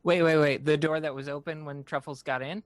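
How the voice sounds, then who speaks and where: A man's voice: on the high side, fairly even intonation, brisk, clean tone, no room sound. A man playing a tabletop role-playing game, thinking aloud in a tentative way about his next move. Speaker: player.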